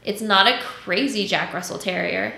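Blunt, profane and casual, a woman who grooms dogs from a mobile van chats through her stories, mimicking the voices of the people in them. Her medium-pitched voice has vocal fry and a sharp tone, moving at normal speed, with roomy echo around it.

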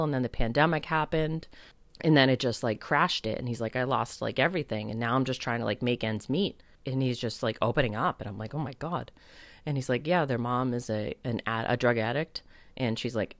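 A woman's voice: extremely low pitch, no echo. A woman hosting her podcast, telling a story in a chatty, reflective way full of "like" fillers. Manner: reflective, spiritual. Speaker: podcast host. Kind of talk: casual storytelling monologue.

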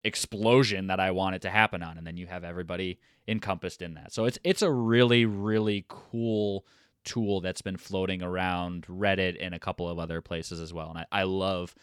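A man co-hosting a tabletop gaming podcast in casual chat, relaxed and repeating words as he starts sentences. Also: sits low, moderate pace, smooth, no echo, clean studio sound. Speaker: podcast co-host.

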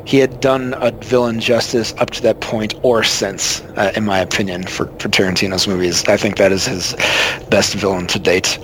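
A man's voice: lowish voice, steady tone, moderate pace, fairly bright tone, a little hiss or hum, rough recording. A man in a casual chat about films, often searching for words and drawing out his points with enthusiasm. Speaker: podcast guest.

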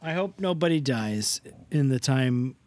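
A man's voice: medium pitch, expressive, a little slow, a little mellow. A man co-hosting a podcast in casual chat, joking and rambling playfully. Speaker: podcast co-host.

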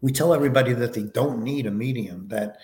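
A man as a podcast guest, answering interview questions in a relaxed, anecdotal way with many fillers. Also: mid-range voice, fast talker, roomy sound, slight background noise. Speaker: podcast guest, foundation vice president.

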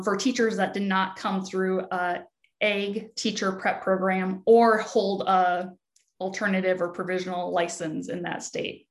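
A woman with a Midwestern accent talks as a podcast guest, easygoing and unhurried. Her talk is full of ums and little restarts as she explains her work. Her voice sits at an ordinary middle pitch for a woman. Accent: Midwestern American. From Wisconsin. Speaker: podcast guest, education researcher. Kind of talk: casual interview talk.

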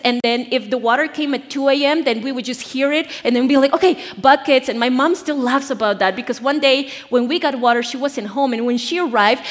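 A young woman from Bolivia, preaching a lively storytelling sermon with playful asides to the congregation. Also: high voice, in a large hall. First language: Spanish. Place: church.

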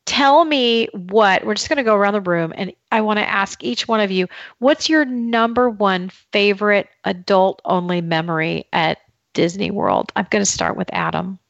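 A woman's voice: medium pitch, lively intonation, moderate pace, no room sound, muffled recording. A woman hosting a podcast, enthusiastic and leading the discussion. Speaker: podcast host. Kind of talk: casual podcast chat.

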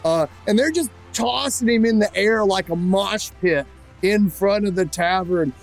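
A man narrating as dungeon master of a comedy tabletop game, jumping high to shout the crowd's lines. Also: unhurried, vocal fry, soft background music.

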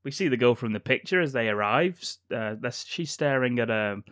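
A man's voice: medium pitch, lively intonation, a little fast, a bit bright, dry recording. Brit guy recapping a horror movie plot for a podcast, dry jokes, close dry mic. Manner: dry, recounts scenes with quips and laughs. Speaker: podcast co-host. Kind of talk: casual chat recapping a film plot.

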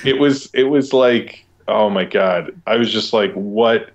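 A man's voice: on the low side, unhurried, dull audio, a little hiss or hum. Rambling young man in casual chat. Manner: enthusiastic, rambling, lots of "like".

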